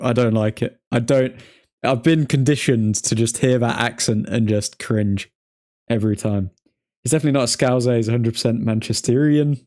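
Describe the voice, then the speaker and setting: A man's voice: mid-range voice, a little mellow. Young male stream host, casual and chatty, reads updates aloud and hums between them. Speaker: livestream host reading transfer news. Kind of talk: casual live stream chat.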